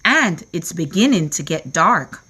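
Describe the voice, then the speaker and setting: A woman voicing a wise old male grasshopper in a storybook, measured and grandfatherly. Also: on the low side, very animated, bright, forceful tone, husky, full character voice. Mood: kindly.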